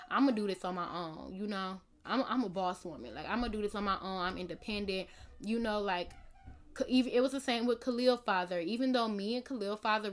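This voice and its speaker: A woman's voice: mid-range voice, fairly bright tone. Young woman, casual vlog chat, rambling, lots of fillers. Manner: rambling, many "like" and "you know" fillers. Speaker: vlogger.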